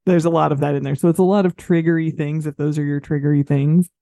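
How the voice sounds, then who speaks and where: Mellow-voiced woman, easygoing podcast chat. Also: low-pitched, level tone, quick pace, gravelly, no room sound, studio quality. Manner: chatty, easygoing, laughs often. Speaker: podcast co-host. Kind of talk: casual film review chat.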